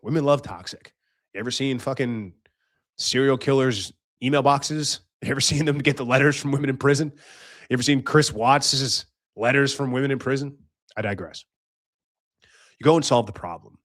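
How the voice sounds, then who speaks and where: A man hosts his own podcast in a combative, profane monologue. His voice sits at an ordinary male pitch and jumps between punchy outbursts and quieter asides. It is recorded close and dry, with no room sound. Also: expressive, moderate pace, long pauses, dry recording. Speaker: podcast host. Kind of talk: casual monologue.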